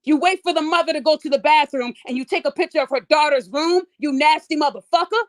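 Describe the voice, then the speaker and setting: A woman's voice: high voice, quick pace, no echo. A woman podcast host giving heated, profane commentary, mocking and incredulous, and acting out quoted people in sing-song voices.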